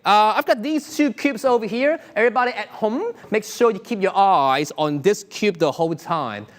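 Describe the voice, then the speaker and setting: A man's voice: sits high, normal speed. A man performing an interactive online magic show, full of upbeat showman patter and frequent chuckles.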